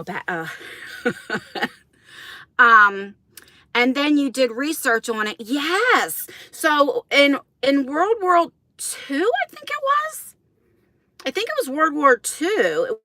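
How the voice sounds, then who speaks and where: Woman livestreamer, high voice, casual rambling chat with viewers, dry close sound. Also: bright, forceful tone, no echo. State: out of breath. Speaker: vlogger hosting a livestream. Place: outdoors in wind, then inside a parked car. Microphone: phone on a selfie stick.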